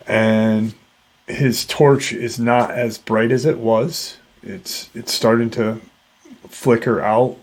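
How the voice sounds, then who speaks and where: A paranormal channel host with a mid-range voice relays a witness's encounter. The retelling is halting, packed with fillers and restarts.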